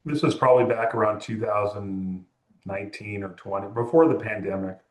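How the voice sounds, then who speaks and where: A man's voice: on the low side, fairly quick. A music photographer from California, a man, chatting as an interview guest and rambling through anecdotes with quoted dialogue. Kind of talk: relaxed interview storytelling. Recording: roomy echo.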